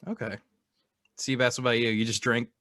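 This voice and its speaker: A man's voice: medium pitch, flat delivery, brisk, sharp tone, no echo, clean studio sound. A young man hosting a podcast in casual chat, jokey and self-mocking. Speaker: podcast host.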